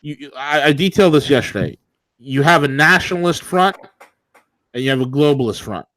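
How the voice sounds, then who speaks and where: A man's voice: a little high, expressive, a little fast, fairly bright tone, no room sound. A man co-hosting a political talk show, ranting combatively and sarcastically.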